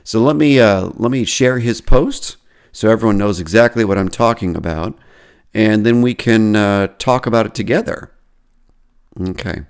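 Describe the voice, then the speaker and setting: A man's voice: fairly low pitch, moderate pace, clean tone. A man hosting a podcast, casually reading and commenting on social media posts with self-deprecating asides. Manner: self-deprecating, chatty, lots of restarts. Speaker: podcast host and therapy professor.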